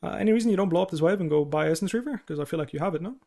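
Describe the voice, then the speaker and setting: A young man coaching a player through a replay review, blunt and casual, his voice hoarse from hours of talking. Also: a little high, expressive, racing, a little mellow. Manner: blunt, casual, heavy swearing. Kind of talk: livestreamed gameplay review coaching.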